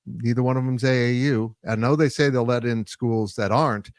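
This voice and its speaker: A male sports analyst discussing college football in a measured, analytical way, with frequent "uh" fillers. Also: mid-range voice, fairly even intonation, no room sound, studio quality. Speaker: sports site publisher and analyst.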